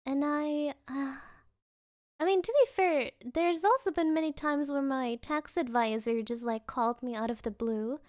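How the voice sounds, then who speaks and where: High-voiced, unhurried young woman streamer. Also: no room sound, clean studio sound. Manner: excitable, laughs often, many fillers. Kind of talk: casual storytelling chat. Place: at home, creaky floor.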